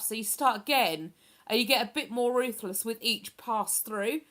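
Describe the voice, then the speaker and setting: Woman, live-stream host; slightly high, chatty, rambling delivery full of fillers. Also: lively intonation, a little fast, fairly bright tone. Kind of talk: casual live-stream chat, reading viewer comments.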